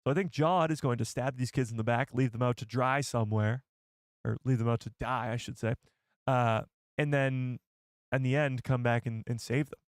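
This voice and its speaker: A man's voice: medium pitch, steady tone, moderate pace, clear, resonant tone, dry recording, clean studio sound. A man hosting a casual live stream, thinking aloud as he reads chat and searches for things. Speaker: livestream host.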